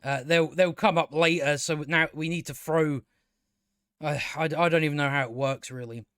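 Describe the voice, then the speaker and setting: A man's voice: a little high, fairly even intonation, normal speed, fairly bright tone, clear, resonant tone, dry recording, clean studio sound. Exasperated man ranting a review. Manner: exasperated, ranting, swears freely. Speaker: show reviewer. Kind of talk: casual spoken review.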